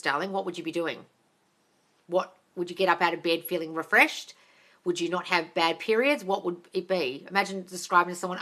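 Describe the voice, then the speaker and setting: An Australian manifestation coach answers viewer questions on a live stream, speaking bluntly, swearing freely and calling people darling. Her medium-pitched voice sounds pushed and bright, picked up by a phone or tablet mic.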